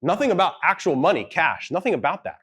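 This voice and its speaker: At a live event in a hall with an audience, a man with children tells a personal story as a keynote, loose and conversational, hedging and acting out the people he quotes. His voice is a little high and fairly bright with a breathy edge, swinging widely in pitch as he talks fast.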